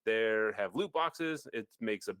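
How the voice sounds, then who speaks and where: Low-voiced man, animated sarcastic podcast chat. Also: takes it slowly, clean tone, dry recording. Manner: animated, sarcastic, rambling with restarts. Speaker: podcast co-host. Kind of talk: casual chat.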